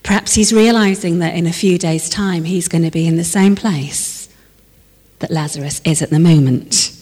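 A woman preaching a sermon. She moves between lively emphasis and hushed, slowed reflection. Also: fairly low pitch, breathy edge. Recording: long reverb of a large hall.

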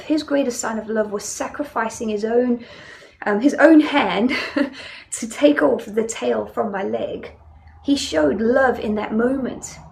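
A woman's voice: on the high side, vocal fry, darkish tone. A young woman with a South African accent preaching a sermon in a conversational, storytelling way, with many fillers.

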